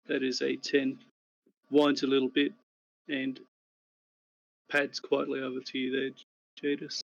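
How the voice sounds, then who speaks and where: A man game-mastering a tabletop session, describing scenes in a measured, descriptive way. His voice has a gravelly edge. The recording sounds dull and lo-fi. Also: mid-range voice, monotone.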